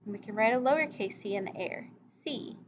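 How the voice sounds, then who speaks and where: A woman teacher giving a recorded reading lesson, slowly modeling vocabulary words and letter sounds for young children and their parents. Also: a little high, highs cut off, slight background noise.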